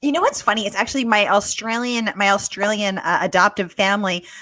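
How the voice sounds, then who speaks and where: Chatty American woman host, bright tone, laughs a lot while relaying comments. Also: medium pitch, a little fast, no room sound. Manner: chatty, reads audience comments aloud, laughs often. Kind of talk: live online book interview.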